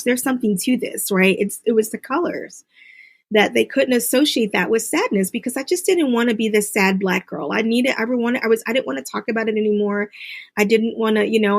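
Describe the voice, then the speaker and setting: Earnest woman telling her story. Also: gravelly. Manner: earnest storytelling, quotes others in high animated voices. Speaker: guest. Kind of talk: interview conversation.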